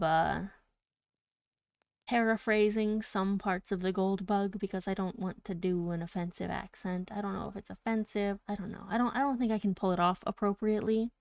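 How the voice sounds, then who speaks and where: A woman's voice: mid-range voice, darkish tone, no echo. A woman streaming a casual live story reading, narrating the text and breaking off into chatty, giggly asides.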